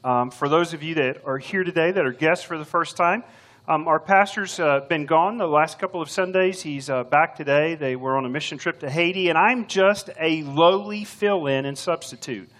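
A man's voice: a little high, normal speed, fairly bright tone. Folksy older man preaching. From Texas. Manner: folksy, joking storyteller. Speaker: substitute preacher. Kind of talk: sermon.

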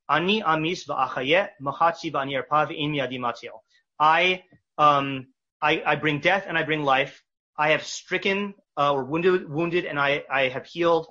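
Husky bright-voiced man teaching a text class. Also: fairly high pitch, muffled recording. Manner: reads Hebrew verses slowly, translates with fillers and restarts. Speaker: Torah teacher. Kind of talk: casual text study class.

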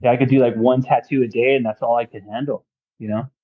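A man talks through his past in a loose, halting way, stopping and restarting often and filling gaps with "you know." His voice sits in an ordinary middle range, and the recording sounds a bit dull and lo-fi. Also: mid-range voice, fairly even intonation. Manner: halting, many fillers and restarts. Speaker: podcast guest, tattoo artist. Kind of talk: casual conversational testimony.

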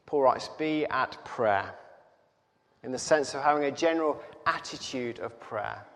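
Slow-spoken man preaching in a hall. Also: mid-range voice, fairly bright tone. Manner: slow, reflective storytelling with pauses and fillers. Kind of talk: sermon. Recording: reverberant hall.

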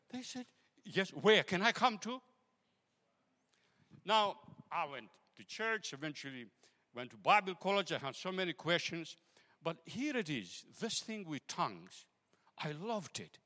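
Animated preacher in a reverberant hall. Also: male voice, sits high, measured pace. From Greece. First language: Greek. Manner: emotional storytelling, swinging from loud exclamations to hushed asides. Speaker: guest preacher. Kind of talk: sermon testimony.

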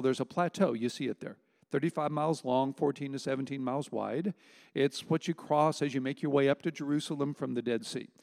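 A middle-aged man preaching a sermon as pastor, talking in a conversational way with emphatic pauses. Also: medium pitch, vocal fry, a little mellow. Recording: long hall reverb.

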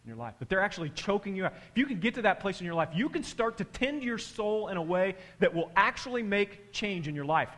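A middle-aged man preaching a sermon, telling stories animatedly and swinging from loud bursts to hushed, quiet passages. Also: high voice, sing-song, quick pace, few pauses. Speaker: pastor. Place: large church hall. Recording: long hall reverb.

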